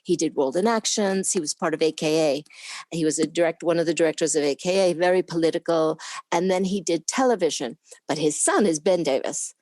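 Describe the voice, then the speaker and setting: A New York woman in her seventies, a former camera assistant appearing as an interview guest, tells stories in a casual, animated way, laughing often and performing the voices of the people she quotes. Her voice is deep, a little fast, and recorded without echo.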